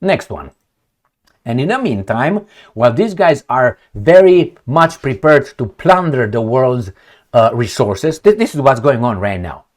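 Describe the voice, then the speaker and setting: A man's voice: medium pitch, big pitch swings, a little slow. A middle-aged man from Romania, giving blunt, sardonic, unscripted commentary on news headlines. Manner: blunt and sardonic, storytelling asides. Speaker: political commentator.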